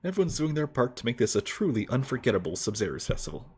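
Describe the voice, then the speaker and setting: A man's voice: medium pitch, very animated, fast talker, a little mellow, breathy edge. A man streaming a video game, joking around and reading the dialogue aloud. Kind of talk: casual gameplay commentary.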